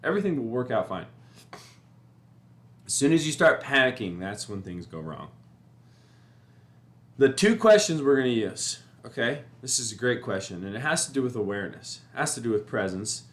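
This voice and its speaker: A man talking in a casual, rambling way about staying calm, repeating himself and getting animated when he describes panicking. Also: mid-range voice, moderate pace, pauses often. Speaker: motivational speaker. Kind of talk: casual spoken reflection.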